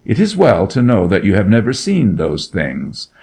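A man playing a grim, gravelly duke. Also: fairly low pitch, huge pitch swings, normal speed, mellow, full character voice. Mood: menacing. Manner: cold, commanding interrogation. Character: grim, menacing nobleman, a middle-aged duke.

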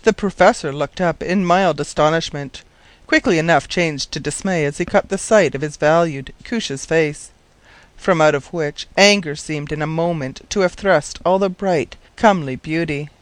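A man narrating a storybook in a measured, wry manner, his voice sitting slightly higher than most men's. The recording is dry and close, with no room sound. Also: no room sound. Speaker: audiobook narrator. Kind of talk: scripted narration.

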